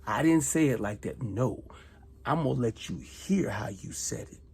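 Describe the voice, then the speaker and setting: In a mid-range, slightly rough voice with vocal fry, this middle-aged ex-soldier accuses one person at a moderate pace. His intonation is lively, and he repeats himself while swinging from loud outbursts to hushed asides.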